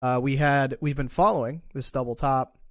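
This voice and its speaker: A man's voice: mid-range voice, fairly even intonation, moderate pace, no echo. Guy rambling through trading charts on a live stream, casual, ums and restarts, hiccuping a bit, dry sound. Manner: casual, thinking aloud with fillers and restarts. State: has the hiccups. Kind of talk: live market analysis chat.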